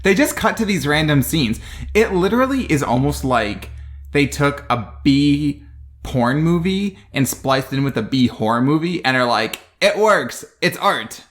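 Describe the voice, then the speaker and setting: A man's voice: a little high, lively intonation, normal speed, soft background music. A man co-hosting a podcast, recapping a bad movie in a casual, dry, sarcastic way. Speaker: podcast co-host.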